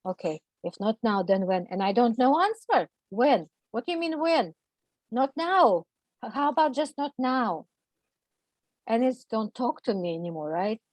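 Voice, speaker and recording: A woman, a guest on an interview show, telling a personal story in halting, emotional, non-native English, full of fillers and restarts. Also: on the high side, big pitch swings, a little mellow, no room sound, low-quality recording.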